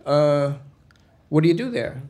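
A man's voice: fairly high pitch, lively intonation, a little slow, mellow, pitched above the performer's own voice. A man voicing a male detective in a storytelling monologue, asking leading, coaxing questions. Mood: probing. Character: probing, friendly-sounding adult male detective.

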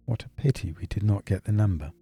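A man's voice: on the low side, quick pace, warm tone, slightly rough, faint music behind. A male reader voicing a loyal, earnest doctor companion in an audiobook, asking plain, earnest questions. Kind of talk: audiobook character reading.

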